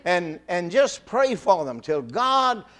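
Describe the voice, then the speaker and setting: Older preacher with halting restarts. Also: male voice, high voice, very animated, fairly bright tone. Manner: halting restarts, rising to fervent exhortation. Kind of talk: sermon.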